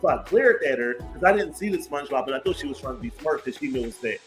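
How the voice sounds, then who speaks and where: A man in his thirties hosting a podcast, talking in a casual chat, telling stories with lots of fillers and quick laughs. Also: medium pitch, faint music behind, low-quality recording. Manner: animated storytelling, laughs easily, many fillers. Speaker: podcast host. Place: home studio with big lights.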